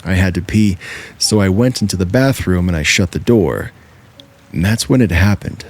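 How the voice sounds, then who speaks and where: A man narrating true scary stories in a steady, measured first-person reading. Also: sits low. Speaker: horror story narrator.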